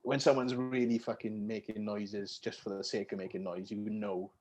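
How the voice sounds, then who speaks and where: A young man with a Yorkshire accent chatting casually as a podcast guest, swearing freely and letting his phrases fade out quietly. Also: on the low side, level tone, moderate pace. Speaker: podcast guest, gym videographer.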